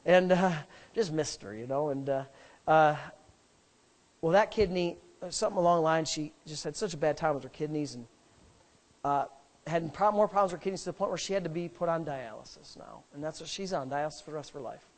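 Brief: middle-aged male pastor, high-pitched, emphatic and rambling as he tells a story from the pulpit. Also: fairly quick. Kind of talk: sermon storytelling.

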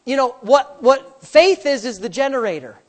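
A man preaching a sermon as pastor, repeating phrases in a rhythm, calling for amens, and swinging between hushed asides and loud outbursts. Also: very high-pitched, lively intonation, moderate pace. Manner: repetitive, rhythmic phrasing with calls for amen.

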